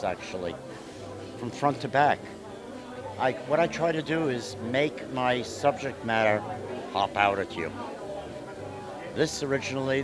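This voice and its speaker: A man who exhibits his photographs, answering interview questions at an exhibition opening in a relaxed, explanatory way with many "uh" fillers. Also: mid-range voice. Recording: crowd chatter behind.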